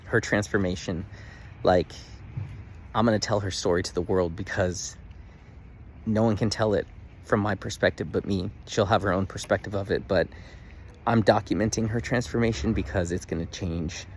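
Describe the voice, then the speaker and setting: A man in his thirties talking casually to the camera in a daily video diary, earnest and animated, full of "like" fillers. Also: on the low side, normal speed, slight background noise. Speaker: vlogger.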